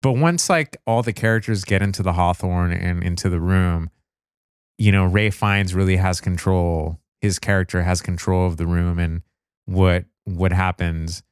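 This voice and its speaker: A young man talking casually about a film, measured and a little hesitant. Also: deep voice, smooth, dry recording, studio quality. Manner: measured, hesitant, uses fillers like "you know". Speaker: podcast co-host. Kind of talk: casual chat reviewing a film.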